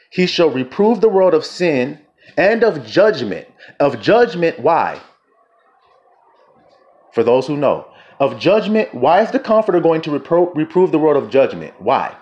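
A man preaching a fervent sermon, reading scripture slowly and firing questions at his listeners. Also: medium pitch, a little mellow, highs cut off. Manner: fervent, questioning the audience, drawn-out quotes.

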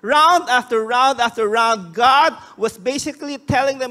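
Male pastor, unusually high pitch, emphatic sermon delivery with frequent restarts. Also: moderate pace, few pauses, bright, forceful tone. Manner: emphatic preaching, acting out quoted voices.

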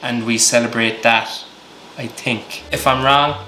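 A man's voice: medium pitch, fairly even intonation, a little slow, sharp tone. An Irish man from Ireland hosting his vlog, rambling and joking in a self-mocking way. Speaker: vlogger host. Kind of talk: casual comedic vlog monologue. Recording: echoey room, faint music.

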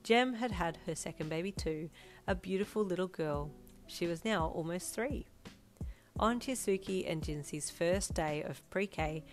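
A woman reading a second-person fanfiction story aloud in a calm, storytelling manner. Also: lowish voice. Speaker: fanfiction reader. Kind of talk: scripted narration. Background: soft lofi piano music.

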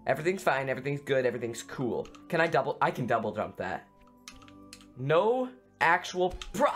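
Excitable male gaming YouTuber; lively, screamy let's play commentary with goofy sound effects. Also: mid-range voice.

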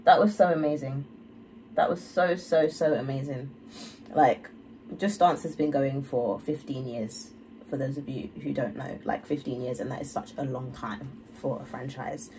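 A woman's voice: a bass voice, moderate pace, warm tone, far from the mic, a little hiss or hum, low-quality recording. A young woman, gushing effusively in a casual reaction vlog. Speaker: YouTuber.

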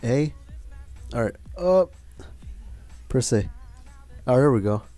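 A man's voice: medium pitch, animated, takes it slowly, dark tone, faint music behind. A man hosting a gaming channel, giving casual commentary, frustrated and swearing as he grumbles about bad luck.

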